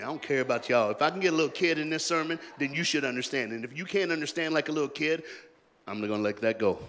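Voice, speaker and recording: A man preaching a sermon in a loose call-and-response style, joking in colloquial asides and swinging between shouted rallying lines and hushed, quiet talk. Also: medium pitch, background noise. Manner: jokey, colloquial and emphatic. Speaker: pastor. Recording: long hall reverb.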